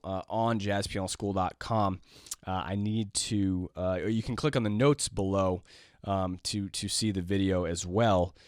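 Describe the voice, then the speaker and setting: A man hosting a jazz piano podcast lesson, talking in a relaxed, rambling way with fillers, his voice going hoarse. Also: on the low side, no room sound, clean studio sound. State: losing his voice, clearing throat. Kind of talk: casual spoken lesson.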